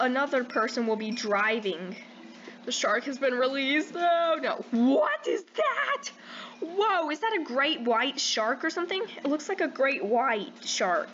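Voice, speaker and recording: Excitable high-voiced young female gamer. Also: highs cut off, slight background noise. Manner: excitable, squealing when panicked, many "like" fillers. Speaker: gaming channel host. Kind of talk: casual gameplay commentary.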